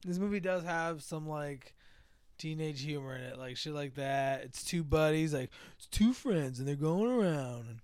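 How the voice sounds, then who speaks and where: A man co-hosting a casual movie podcast, animated and profane, often acting out scenes. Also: fairly high pitch, a little slow, no room sound, clean studio sound. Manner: animated, swears, acts out scenes in exaggerated voices. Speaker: podcast co-host.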